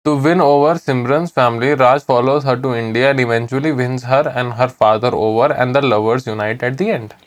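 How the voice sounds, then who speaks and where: A man co-hosting a scripted language lesson, who reads phrases and then repeats them slowly, word by word. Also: mid-range voice, steady tone. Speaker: language teacher co-host.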